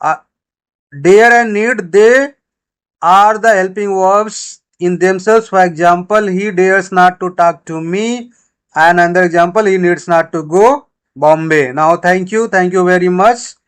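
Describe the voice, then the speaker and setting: Slow, high-pitched male teacher with an Indian English accent, repeats his examples, patient classroom delivery. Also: clean tone, poor audio. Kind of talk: grammar lesson.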